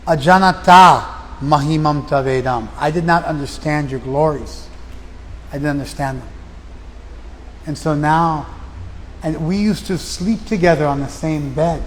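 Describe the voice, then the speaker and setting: A man giving a spiritual lecture. He recites verses slowly and then explains them in plain, conversational talk. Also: a little high, in a large hall, a little hiss or hum, rough recording. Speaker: lecturer on scripture. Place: outdoor festival.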